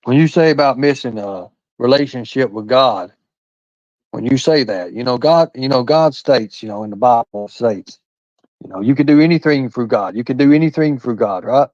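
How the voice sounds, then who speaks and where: A man's voice: medium pitch, moderate pace, a little mellow, no echo, lo-fi sound. Blunt, profane man ranting on a livestream. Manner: folksy Southern-style phrasing with "by God" and "ain't". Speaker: livestream host. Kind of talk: heated livestream rant.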